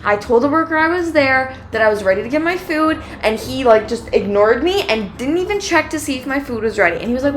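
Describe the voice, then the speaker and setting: A woman's voice: sits high, fast, hardly any pauses, a little hiss or hum. A young woman co-hosting a podcast, casually telling a long story and acting out each side of the exchange with lots of "like". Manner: animated storyteller, acts out quoted exchanges with many "like"s. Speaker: podcast co-host.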